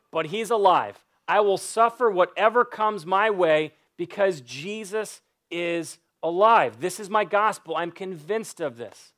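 Earnest high-voiced male pastor. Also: a bit bright. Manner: earnest, pleading, repetitive emphasis. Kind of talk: Easter sermon and prayer.

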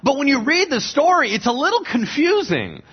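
A pastor telling a Bible story in a sermon, acting out the characters' lines with animated, casual voices. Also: male voice, very high-pitched, moderate pace. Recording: dull lo-fi sound.

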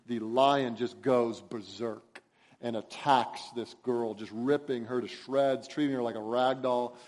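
A man's voice: medium pitch, steady tone, measured pace, darkish tone. Emphatic man preaching a sermon. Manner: emphatic, rising to urgent exhortation; acts out quoted voices in his storytelling. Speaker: pastor.

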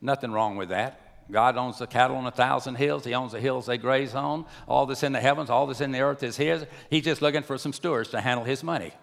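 A man preaching a sermon to a church, swinging between hushed and raised delivery. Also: mid-range voice, a little fast, creaky. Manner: preaching with wide swings from soft to loud. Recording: long hall reverb.

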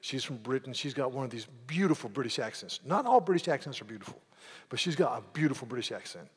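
A man preaching a sermon in a church, emphatic, slowing down to stress key words and repeating words as he starts sentences. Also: medium pitch, animated, breathy edge. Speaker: pastor. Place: church sanctuary. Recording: long hall reverb.

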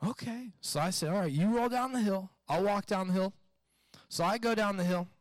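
A man's voice: high-pitched, normal speed, no room sound. A man, a pastor, giving a sermon and telling a personal story, acting out the voices in it. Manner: animated storytelling with acted-out quotes.

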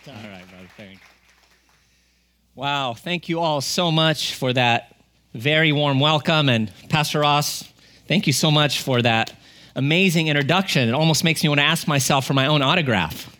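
A man in his forties preaching a sermon as a guest, humorous and animated in his storytelling. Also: fairly high pitch, moderate pace.

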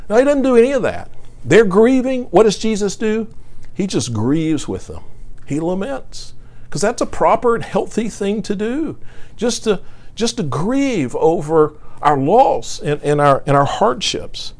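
A man's voice: sits high, sing-song, measured pace, a little mellow. A man preaching a sermon, reading scripture with earnest emphasis and often repeating words as he speaks.

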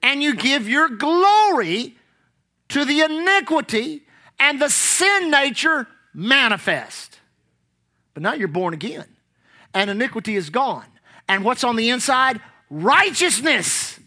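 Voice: high voice, very animated, bright, forceful tone. A preacher delivering a sermon, reading scripture aloud and putting rhetorical questions to the congregation. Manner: reads scripture aloud, then explains it; emphatic, drawn-out stresses on key words.

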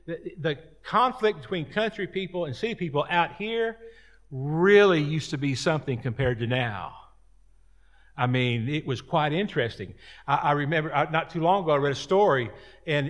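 A man's voice: on the high side, fairly bright tone. A man preaching a sermon as pastor, folksy and rambling, with repeated words and chatty asides.

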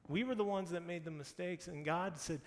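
In a reverberant hall with a little background noise, a high-pitched man delivers a laid-back sermon at a slightly fast pace. He retells scripture using everyday slang.

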